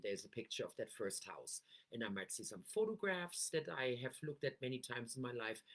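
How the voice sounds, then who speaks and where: Expressive middle-aged woman coaching. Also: very deep voice. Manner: expressive, shifts her voice tone for emphasis. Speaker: NLP coach. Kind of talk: coaching talk to camera.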